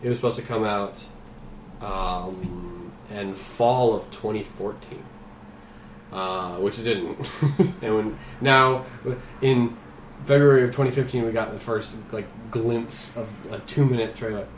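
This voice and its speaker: A man's voice: lowish voice, measured pace, slight background noise. A man co-hosting a casual podcast chat, talking animatedly, swearing freely and laughing between words. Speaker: podcast co-host. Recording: roomy echo.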